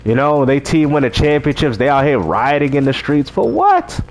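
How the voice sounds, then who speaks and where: A man's voice: medium pitch, brisk. A man hosting a live stream, chatting in a laid-back way and laughing often. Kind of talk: casual livestream chat.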